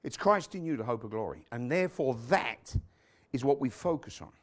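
Lively preaching man. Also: medium pitch, fairly quick. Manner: lively preaching, mutters asides, quotes scripture, jokes with the congregation. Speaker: pastor. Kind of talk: sermon.

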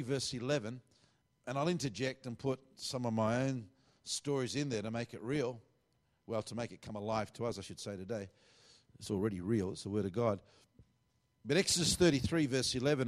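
This is a middle-aged Australian man preaching a sermon. His delivery is relaxed and conversational, full of asides and plain talk. His pitch sits in an ordinary middle range for a man.

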